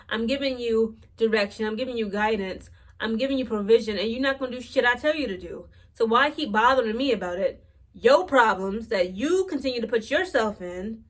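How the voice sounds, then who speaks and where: A woman's voice: fairly high pitch, fairly bright tone. Blunt, exasperated young woman ranting. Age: late 20s. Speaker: vlogger. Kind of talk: casual storytelling rant.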